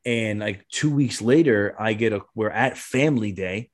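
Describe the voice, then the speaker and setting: A man in his thirties telling a rambling, profane story in casual chat. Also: fairly low pitch. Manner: fast, rambling, lots of swearing and restarts. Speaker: podcast guest telling a story.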